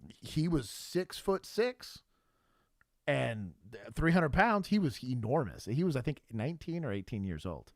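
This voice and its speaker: Blunt, swearing former cop on a livestream. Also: male voice, medium pitch, sing-song, unhurried, dry recording, clean studio sound. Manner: blunt storytelling with profanity and frequent laughs. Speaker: livestream co-host, former police officer. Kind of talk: casual livestream chat.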